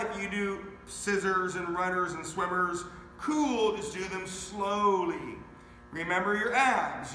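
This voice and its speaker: A man coaching a live online workout, energetic and counting reps aloud as he talks straight to viewers. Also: high-pitched, slight background noise. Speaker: fitness coach. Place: garage home gym. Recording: echoey room with faint ambience.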